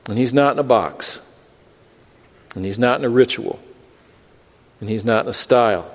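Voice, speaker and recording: A man's voice: medium pitch, moderate pace, long reverb tail. A male pastor preaching a sermon, earnest and building through repeated phrases, often stammering. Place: church sanctuary.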